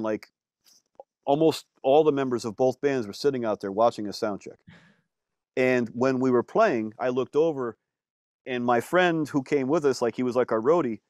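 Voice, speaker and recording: Animated man telling band stories. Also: medium pitch, no echo, studio quality. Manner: animated, swears, many fillers and restarts. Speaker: musician guest. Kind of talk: casual storytelling interview.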